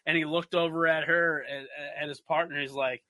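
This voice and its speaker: A man's voice: a little high, a little fast, no room sound. A man hosting a comedy podcast, telling stories in casual chat and now and then putting on a mock Minnesota accent. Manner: animated storyteller, slips into mock Minnesota accent. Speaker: podcast host.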